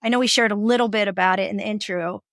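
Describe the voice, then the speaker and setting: A woman's voice: medium pitch, fast talker, a bit bright, no room sound. A woman hosting a casual podcast interview, affirming and encouraging her guest as she asks questions. Her voice sits in a middle range. The sound is dry and close-miked. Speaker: podcast host.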